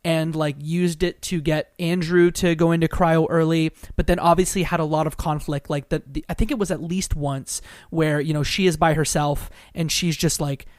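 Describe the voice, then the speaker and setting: A man's voice: on the high side, fairly even intonation, moderate pace, hardly any pauses, no echo, studio quality. A man co-hosting a casual game podcast, rambling with a lot of "like" fillers. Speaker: podcast co-host. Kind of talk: casual chat about a video game.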